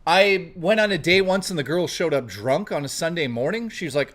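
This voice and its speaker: A man's voice: a little high, animated, brisk, few pauses, a bit bright. A man hosting a live stream, chatting casually with viewers, swearing freely and reading the chat aloud. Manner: profane, playful, reads chat aloud.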